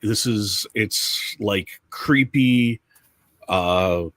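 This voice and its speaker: A man's voice: lowish voice, drawn-out words, fairly bright tone, no echo. A man co-hosting a comics livestream, chatting casually, rambling and enthusiastic with many restarts. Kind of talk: casual chat. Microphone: livestream setup.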